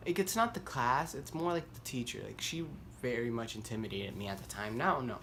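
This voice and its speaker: A young man vlogging, telling a story casually and rambling with lots of "like" fillers, getting animated as he goes. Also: mid-range voice, a little fast, a little hiss or hum. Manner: rambling, heavy use of "like", self-deprecating; animated, voice climbs when worked up.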